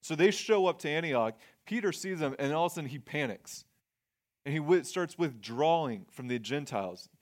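A man's voice: a little high, expressive, normal speed. A man preaching a sermon in a conversational way, reading scripture and explaining it plainly, often restarting his phrases. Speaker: pastor.

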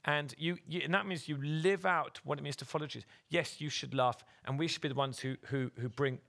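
A man's voice: a little high, steady tone, a little fast, vocal fry, a bit bright. A man preaching a sermon as pastor at a church service, earnestly and directly urging the congregation.

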